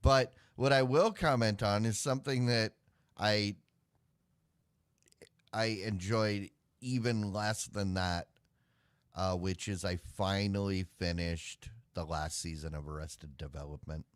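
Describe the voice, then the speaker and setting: A man's voice: on the low side, slow, dry recording. A man co-hosting a live web show, chatting casually and rambling with sighs and filler words. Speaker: podcast co-host. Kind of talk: casual chat.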